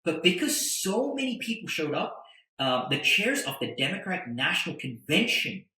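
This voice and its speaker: A man, a podcast guest, telling a story in a casual, animated way, with stammered restarts and tag questions. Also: a little high, moderate pace, heavy reverb, poor audio. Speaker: podcast guest, attorney and entrepreneur.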